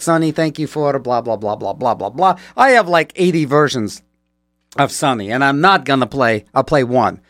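A man's voice: medium pitch, fairly bright tone, dry recording. A man hosting a radio show in a rambling, playful way, joking his way through the ads on a studio mic. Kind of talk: casual radio chat.

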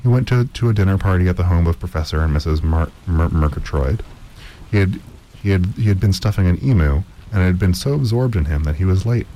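A man reading a story aloud at a measured pace, with occasional stumbles and repeated words. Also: deep voice, animated, dark tone, slight background noise, low-quality recording. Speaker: narrator.

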